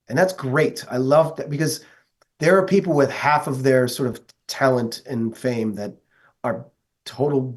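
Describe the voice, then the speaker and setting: A man's voice: mid-range voice, darkish tone. A man from the northeastern United States, a guest telling stories in an earnest, enthusiastic way during a casual interview. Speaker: guest, metal vocalist.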